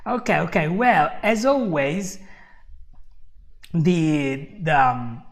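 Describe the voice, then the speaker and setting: A man teaching English in a live online lesson, moving at an unhurried, drawn-out pace. He keeps checking in with his viewers, tosses in quick laughs and answers chat comments by name. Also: a little high, sing-song. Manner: explanatory, checks in with "okay?" constantly, laughs often.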